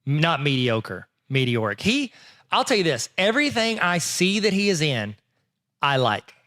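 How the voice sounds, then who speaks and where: A man's voice: high voice, big pitch swings, moderate pace, bright, forceful tone, no room sound, studio quality. A man co-hosting a podcast in casual chat, goofy and self-mocking, always cracking jokes. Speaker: podcast co-host.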